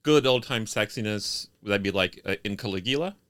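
Bright-voiced man with dry teasing. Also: fairly low pitch, brisk. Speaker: podcast co-host. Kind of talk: casual film review chat.

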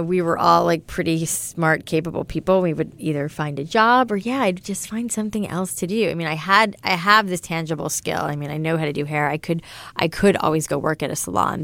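In a relaxed interview, a middle-aged woman who founded a business talks in a fairly low, gravelly voice with a fairly bright tone. She's chatty and leans on fillers such as "you know" and "like," and there's no room sound.

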